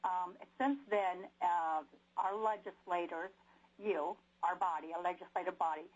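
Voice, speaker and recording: Halting woman caller on a muffled line. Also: fairly low pitch, breathy edge. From Alaska. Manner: halting, many fillers, insistent. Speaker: caller testifying. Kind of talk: public testimony by phone.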